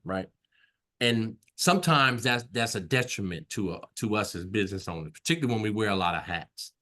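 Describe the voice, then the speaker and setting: A man's voice: medium pitch, fairly bright tone. A man teaching an online class in a conversational way, repeating himself and often checking in with "right?". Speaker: instructor.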